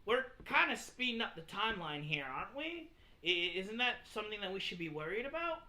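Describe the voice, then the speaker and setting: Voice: medium pitch, big pitch swings, brisk, sharp tone, voice pushed up, exaggerated voice. The game master voicing Fluffy, an anxious academy staff member who raises hesitant objections. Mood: worried.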